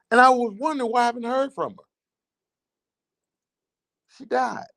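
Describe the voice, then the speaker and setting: Southern man host, fairly high voice, impassioned repetitive storyteller. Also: fairly quick, pauses often, a bit bright. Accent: Southern American. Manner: emotional, repetitive storytelling with rising indignation. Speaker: teachers' association advocate hosting a show. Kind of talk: impassioned spoken monologue.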